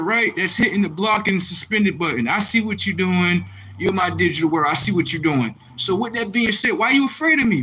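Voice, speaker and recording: A young man on a live stream, reacting to viewer comments in a confrontational, repetitive rant with loud outbursts. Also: very high voice, low-quality recording. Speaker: livestreamer.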